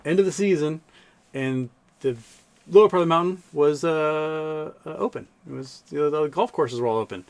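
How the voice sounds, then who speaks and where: A man in his thirties hosts a livestream, telling rambling stories in casual chat packed with fillers. His voice is on the high side and he talks at a normal speed.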